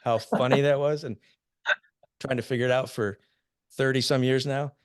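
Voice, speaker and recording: A man's voice: medium pitch, steady tone, moderate pace, clean tone, no echo, studio quality. An American man in his fifties, a podcast guest telling war stories in a casual, laughing way. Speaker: podcast guest, army veteran. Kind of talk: casual storytelling.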